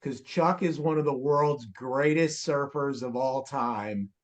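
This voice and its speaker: A man hosting an interview over a video call, relaxed and friendly. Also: medium pitch, takes it slowly, lo-fi sound. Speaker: host.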